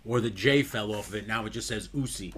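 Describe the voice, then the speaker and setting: A man's voice: lowish voice, fairly quick, background noise. A man co-hosting a live show in crude, casual banter, laughing often and slipping into mock accents. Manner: laughing a lot, putting on joke accents.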